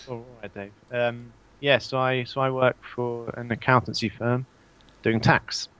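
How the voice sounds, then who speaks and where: A man's voice: mid-range voice, fairly even intonation, slow, pauses often, fairly bright tone, clean tone. A man from Jersey, a podcaster guest, chatting casually with a hesitant, laughing, self-mocking manner. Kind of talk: casual chat. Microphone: earphones with mic.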